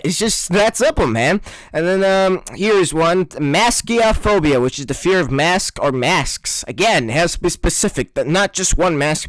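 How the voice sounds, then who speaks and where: A man's voice: a little high, fairly bright tone, no echo. A man ranting sarcastically in a comedic commentary vlog, often jumping into mock voices. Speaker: video creator.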